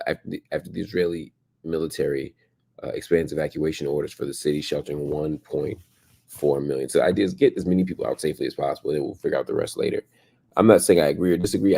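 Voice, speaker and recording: A man's voice: rumbling low, gravelly, dark tone. A man hosting a daily news stream, reading headlines and commenting casually, tired and exhausted. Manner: reads headlines then comments, with fillers and restarts.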